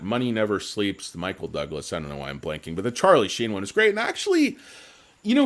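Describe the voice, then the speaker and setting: A man hosting a casual stock market show, ranting in a profane, sarcastic, rambling way with comic insults. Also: mid-range voice. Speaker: stock commentary host.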